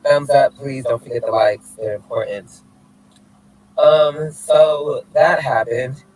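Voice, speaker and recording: A man's voice: mid-range voice, takes it slowly, a little mellow, breathy edge, rough recording. A man filming himself outdoors in front of a building, talking to camera in a flamboyant, theatrical, mocking casual rant. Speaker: activist filming a street vlog.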